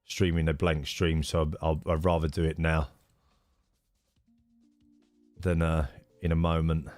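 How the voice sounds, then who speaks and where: Male streamer, deep voice, dry close sound, faint music underneath, chatty host greeting his viewers. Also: little pitch movement, normal speed, darkish tone, dry recording. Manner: chatty, greets viewers by name, many fillers. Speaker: streamer hosting a racing league. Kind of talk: casual live-stream chat.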